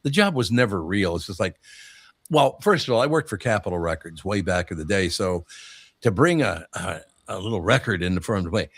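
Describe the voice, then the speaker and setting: A man's voice: deep voice, animated, brisk, husky, dry recording, clean studio sound. An older man hosting a radio show, telling rambling stories and laughing often in casual chat. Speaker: radio host.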